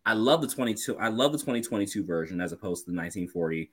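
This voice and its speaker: A man's voice: fairly low pitch, expressive, racing, a bit bright, breathy edge. A man giving blunt, playfully stubborn opinions on films in casual chat. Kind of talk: casual film review chat.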